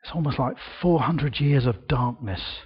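An older man preaching a sermon in a church, slow and emphatic, with dramatic pauses and bursts of projection. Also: medium pitch, slightly rough, dull audio.

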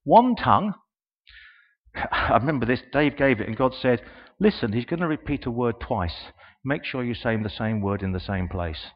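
An older man preaching a sermon, telling stories in a lively way and acting out the voices he quotes. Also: medium pitch, normal speed. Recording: dull sound in a long-reverb hall.

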